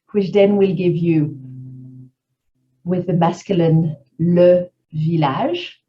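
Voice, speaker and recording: A woman teaching a grammar lesson, explaining clearly and mixing in French example phrases. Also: on the low side, highs cut off.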